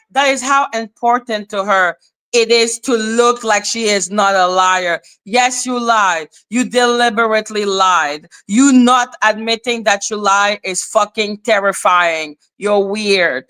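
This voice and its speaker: A woman's voice: mid-range voice, slow, pushed and bright, smooth. Blunt woman ranting on a livestream. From Canada. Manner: blunt, profane ranting, greeting chat viewers. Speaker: live-stream host. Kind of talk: live-stream commentary.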